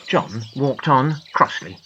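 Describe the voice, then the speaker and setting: A woman narrating a children's storybook in a gentle, expressive manner. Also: very deep voice, takes it slowly, dull audio, noisy background.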